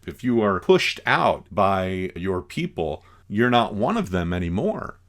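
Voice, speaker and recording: A man teaching a class, talking through scenes of a film in an animated, conversational way. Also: fairly low pitch. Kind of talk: class lecture commenting on a film.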